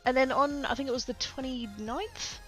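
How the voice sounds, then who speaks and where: A woman's voice: sits high, moderate pace, fairly bright tone, faint music behind. A woman with an Australian accent chatting casually on a live stream, rambling, laughing often and swearing casually.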